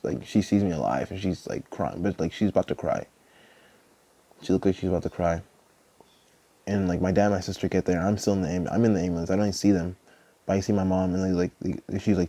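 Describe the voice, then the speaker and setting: Young man, podcast host, very low voice, dry close sound, rambling, says "like" constantly. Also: vocal fry, mellow, no room sound. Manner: rambling, heavy use of "like", profane. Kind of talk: personal storytelling.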